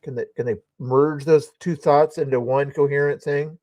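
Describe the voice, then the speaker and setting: A man's voice: a little high, fairly even intonation, normal speed, darkish tone, dry recording. Sarcastic man hosting a commentary stream. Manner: sarcastic, scoffing. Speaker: streamer, news commentary host.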